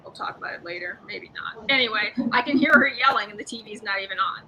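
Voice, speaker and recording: A woman's voice: mid-range voice, quick pace, very noisy. A young woman stand-up comedian doing a live-streamed set, talking in a sarcastic, rambling, conversational way.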